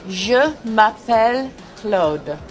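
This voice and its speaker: A woman's voice: a little high, sing-song, moderate pace, loud music behind the voice. An actress playing an impatient woman who is tutoring a hopeless French student. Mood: patient. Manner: exasperated, patient turning to shouting.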